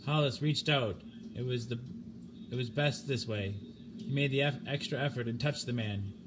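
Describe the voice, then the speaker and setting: A man steadily reads a sci-fi short story aloud, his voice ordinary in pitch, measured and grave. It sounds like a homemade audiobook, with a faint hiss of noise in the background.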